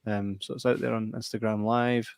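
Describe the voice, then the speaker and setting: Lively Scottish man, casual podcast chat. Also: fairly low pitch, moderate pace, vocal fry, clean tone. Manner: animated storyteller, swears and laughs often. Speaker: podcast co-host.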